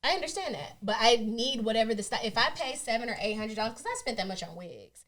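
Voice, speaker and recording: A woman's voice: on the high side, animated, quick pace, a bit bright. A woman co-hosting a podcast, chatting casually and telling blunt, profane stories with acted-out quotes. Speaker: podcast co-host. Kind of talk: casual chat.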